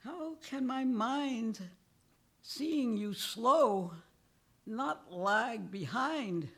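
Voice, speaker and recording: An older woman poet giving a poetry reading, deliberate and measured, with chuckles between poems. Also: fairly high pitch, fairly bright tone.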